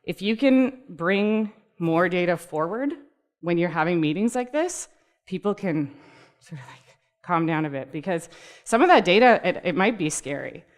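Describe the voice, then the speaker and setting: A woman's voice: lowish voice, animated, normal speed. A woman giving a casual, upbeat presentation to a live audience, laughing easily and talking directly to the room. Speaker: speaker at a tech community talk. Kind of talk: conversational presentation.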